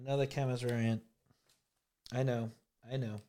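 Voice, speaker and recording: A man's voice: mid-range voice, little pitch movement, moderate pace, dark tone. A man co-hosting a podcast, telling a dream story in casual, profane chat. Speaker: podcast co-host.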